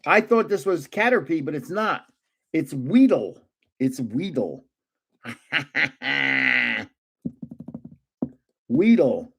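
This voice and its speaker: Chatty older man, lively and unhurried. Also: medium pitch, creaky, husky. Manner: jokey, chatty, guesses card names aloud. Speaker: livestream host opening trading cards. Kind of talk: casual live-stream chat.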